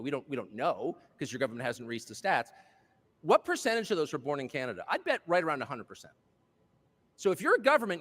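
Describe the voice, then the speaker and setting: On the high side with a fairly bright tone, a man delivers a political speech to a live audience in a hall with long reverb. He sounds impassioned and sardonic, peppering his remarks with mocking asides.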